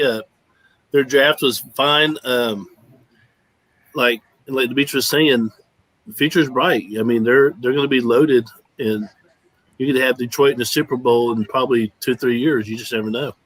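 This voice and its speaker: An easygoing man offers his view in casual sports podcast chat, pausing on fillers as he thinks. His mid-pitched voice sounds dry and close to the mic. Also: fairly bright tone, no echo, low-quality recording. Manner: easygoing, hesitant, many fillers. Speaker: co-host.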